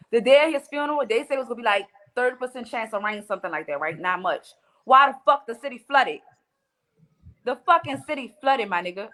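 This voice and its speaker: A woman's voice: fairly high pitch, animated, fast, fairly bright tone. Blunt New Orleans woman telling stories. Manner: blunt, profane storytelling. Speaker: podcast guest. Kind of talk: casual chat.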